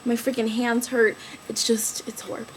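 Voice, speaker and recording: A woman's voice: on the high side, moderate pace, slight background noise. A young woman on crutches telling the story of an accident in a casual vlog, chatty and full of fillers. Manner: chatty, filler-heavy, animated retelling. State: injured, on crutches. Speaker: vlogger.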